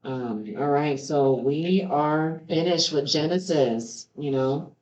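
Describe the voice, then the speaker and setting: A woman with a low, slow, slightly mellow voice reads scripture aloud, pausing now and then to offer earnest, heartfelt remarks of her own. It sounds like a roomy, somewhat dull home recording.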